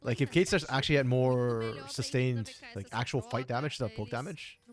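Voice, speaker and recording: An esports caster from outside the United States, mixing live play-by-play with casual chat and reacting out loud to the plays. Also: medium pitch, a little fast.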